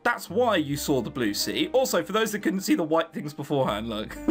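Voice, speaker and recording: A man's voice: on the high side, sing-song, moderate pace, soft background music. An English man giving sarcastic, swear-laden commentary while playing a visual novel. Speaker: gaming YouTuber.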